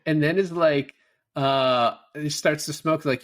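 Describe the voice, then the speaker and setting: A man's voice: medium pitch, measured pace. A man co-hosting a podcast, chatting casually about a movie, swearing freely and acting out lines from scenes. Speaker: podcast co-host. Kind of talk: casual film review chat.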